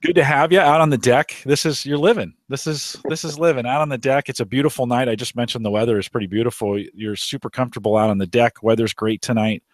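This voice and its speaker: A man's voice: medium pitch, steady tone, fast talker, hardly any pauses, dry recording. A man hosting a live tech show, talking casually and rambling with frequent restarts, sitting outdoors on a deck. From Omaha area, United States. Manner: rambling, restarts often, chatty. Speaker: podcast host.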